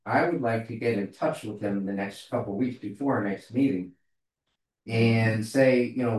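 Guy at a town meeting, kinda low voice, stops and starts a lot, sounds far off in a boomy room. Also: a little mellow. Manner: halting, searching for words. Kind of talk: casual meeting discussion. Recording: echoey room, far from mic.

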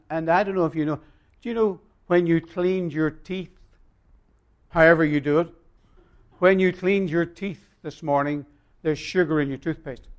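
Emphatic preacher man, fairly high voice. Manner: emphatic preaching, swinging between loud and quiet. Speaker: pastor. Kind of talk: sermon.

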